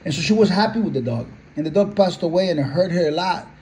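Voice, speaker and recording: A man's voice: sits high, lively intonation, fast, mellow, rough recording. A man, a dog breeder, telling heartfelt stories in an earnest, conversational interview. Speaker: pit bull breeder.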